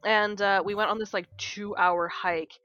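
A young woman co-hosting a podcast, telling a story in a casual, animated way, swearing often and acting out what people said. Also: medium pitch, moderate pace, a crowd in the background. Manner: animated storyteller, swears a lot, acts out quotes. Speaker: podcast co-host. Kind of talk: casual chat. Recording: dull lo-fi sound.

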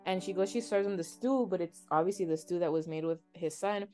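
A woman's voice: fairly low pitch, fairly quick, dark tone, faint music behind. Young woman casually retelling a story. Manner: chatty, filler-heavy retelling. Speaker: podcast co-host.

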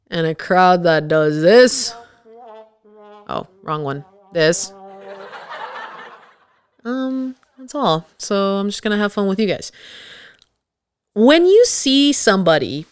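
A woman's voice: on the low side, clear, resonant tone, dry recording, clean studio sound. A woman hosting a podcast, giving candid, blunt advice to her listeners in an emphatic, confiding way. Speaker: podcast host.

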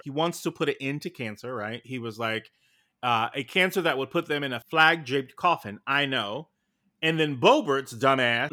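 A man co-hosting a podcast, sassy and animated in casual chat, quick to call people names. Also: medium pitch. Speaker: podcast co-host.

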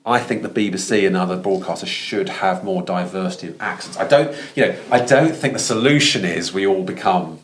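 A man with a low voice and a Thames Estuary accent talks as a guest in a podcast conversation. He is earnest and works his thoughts out aloud, often restarting sentences. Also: a little fast, few pauses, slight background noise. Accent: Thames Estuary English. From London. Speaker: professor, guest.

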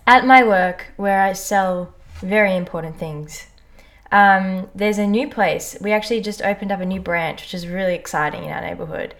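A young woman joins a casual chat as a guest, her pitch mid-range. She talks chattily, swears now and then and giggles between lines. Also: moderate pace, fairly bright tone.

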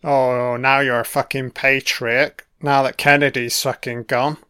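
Slow, smooth-voiced swearing film commentator. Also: male voice, mid-range voice, level tone, pushed and bright. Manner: laid-back, profane running remarks. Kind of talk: casual audio commentary over a film.

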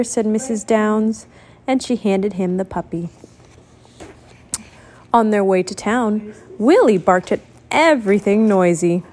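A woman reading a picture book aloud, expressive and doing sound effects while explaining to a child. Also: medium pitch, a little slow. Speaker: storybook reader.

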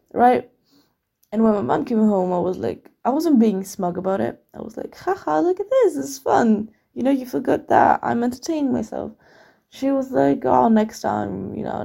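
A woman's voice: mid-range voice, vocal fry, dark tone. A young woman candidly recounting her childhood and family in a rambling personal vlog, with frequent fillers and restarts.

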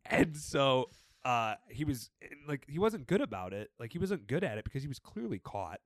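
A young man co-hosting a podcast, chatting casually and telling animated, swear-filled stories about old jobs. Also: mid-range voice, moderate pace, dry recording. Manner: animated storytelling, swears freely. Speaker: podcast co-host. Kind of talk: casual chat.

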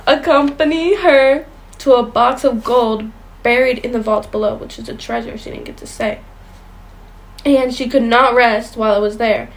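Reading ghost stories on a casual chat show she co-hosts, a young woman now and then stumbles over her words. She has a somewhat high voice, captured with poor audio.

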